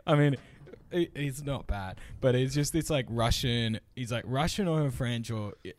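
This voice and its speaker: A young man co-hosting a podcast, telling crude stories in a casual, animated way and laughing often. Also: mid-range voice, moderate pace. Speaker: podcast co-host. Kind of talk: casual chat.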